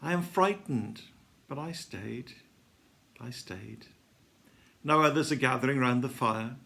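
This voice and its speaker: Gravelly man in dramatic devotional reading. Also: mid-range voice, unhurried. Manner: emotional storytelling, swings between hushed and loud. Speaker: devotional reader. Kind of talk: dramatic first-person reading.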